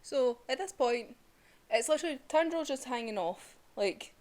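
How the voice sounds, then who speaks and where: A young woman chatting casually about a manga chapter, excitable and swearing freely. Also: sits high, normal speed. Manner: excitable, swearing, laughs often. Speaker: manga reviewer. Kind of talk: casual chat.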